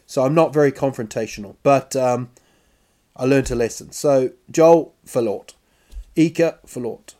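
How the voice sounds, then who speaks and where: A male comedian telling a story in a self-mocking, animated way, acting out sounds and little voices as he goes. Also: mid-range voice, measured pace. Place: lives in Stockholm.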